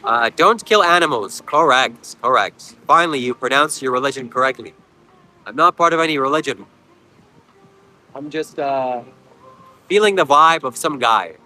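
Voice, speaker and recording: Bright-voiced man reading his livestream chat. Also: medium pitch, moderate pace, pauses often, low-quality recording. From Canada. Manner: deadpan, joking replies to chat. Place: outdoors at a beach.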